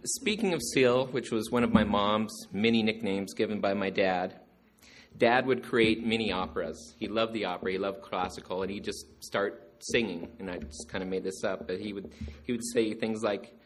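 A man telling stories about his father to a gathering, animated and acting out the jokes. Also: fairly low pitch, normal speed, a little hiss or hum. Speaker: storyteller remembering his father. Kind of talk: storytelling to a gathering.

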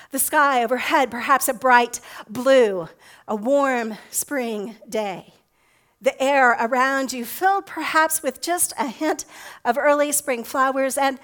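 A woman pastor giving a sermon, gently leading listeners through an imagined scene. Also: high-pitched.

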